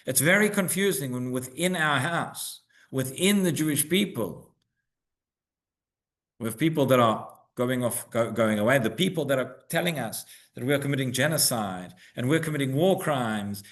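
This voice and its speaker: A rabbi gives a Torah lesson to his congregation in a synagogue. His voice sits a little high for a man, and he talks in an engaged, conversational way, throwing out rhetorical questions and tagging on "right?" as he goes. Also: a bit bright. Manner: repeats words as he builds a point. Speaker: rabbi teaching the weekly Torah portion.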